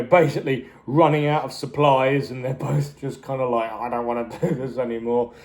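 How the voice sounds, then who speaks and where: A man's voice: medium pitch, darkish tone. Casual male co-host reviewing a series, chatty and rambling, acts out characters' lines. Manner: rambling, goes off on tangents, acts out characters' lines in quick bursts.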